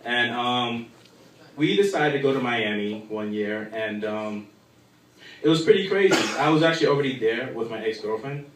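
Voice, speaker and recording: A man's voice: mid-range voice, animated, normal speed, slight background noise. A young man doing a crude, rambling stand-up set full of fillers at a live comedy show in a bar. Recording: echoey room from far off.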